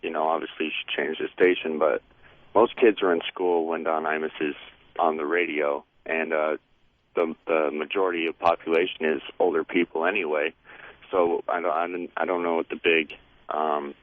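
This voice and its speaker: Very deep, flat-voiced caller on a phone line. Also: male voice. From Michigan. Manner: hesitant, full of ums and uhs. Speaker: radio caller. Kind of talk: phone-in comment.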